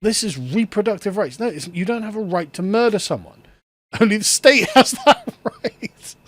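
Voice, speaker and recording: A sarcastic man with a notably high voice rants through a solo commentary, breaking into frequent laughter. His voice sounds close and dry, with almost no room sound around it. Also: expressive, normal speed, a bit bright, no echo. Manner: sarcastic, ranting, laughs often. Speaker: political commentator.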